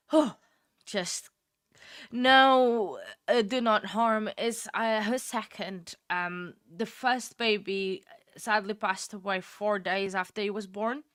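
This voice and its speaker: A woman's voice: medium pitch, fairly bright tone, dry recording. Woman streamer chatting with her chat, gets emotional, laughs a lot, dry close sound. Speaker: livestream host. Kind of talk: casual chat with live chat.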